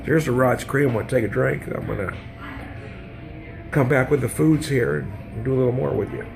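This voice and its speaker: A beer vlogger with a medium-pitched, gravelly voice speaks at a moderate pace over background music. Losing his voice, he rambles folksily and laughs often while reviewing beer and food outdoors at a trout farm restaurant in a casual video.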